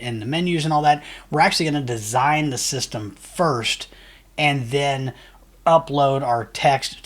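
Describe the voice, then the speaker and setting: A man who runs an agency, talking casually through a software tutorial with upbeat, rambling speech and frequent fillers. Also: mid-range voice. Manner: loose, rambling, many fillers and restarts; enthusiastic, says "really cool" often. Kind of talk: casual screen-share tutorial.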